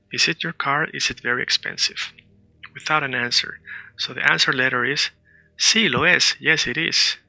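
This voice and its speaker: A man teaching a beginner Spanish lesson, patiently explaining step by step and repeating words slowly. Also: mid-range voice, gravelly, pushed and bright, dry recording, poor audio.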